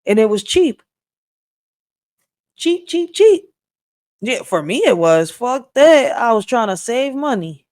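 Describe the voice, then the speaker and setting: A reaction host, talking in a loose, profane, excitable way. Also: mid-range voice, normal speed, few pauses, no room sound, studio quality. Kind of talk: casual reaction commentary.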